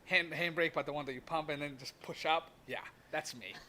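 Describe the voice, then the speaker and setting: A man's voice: fairly high pitch, steady tone, brisk, a crowd in the background. A man chatting casually as a guest on a live show, laid-back and self-mocking. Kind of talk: casual chat.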